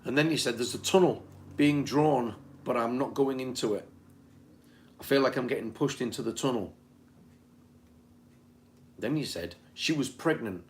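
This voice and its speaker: A man's voice: medium pitch, normal speed, pauses often. British man reading back session notes. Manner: reads out notes, conversational. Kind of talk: casual chat. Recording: faint background noise.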